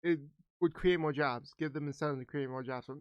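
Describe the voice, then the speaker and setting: Male podcast co-host, a bit high-pitched, talkative explainer, dry close recording. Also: fairly quick, clean tone, dry recording, muffled recording. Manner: talkative, explains at length with restarts and swearing. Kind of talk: casual chat.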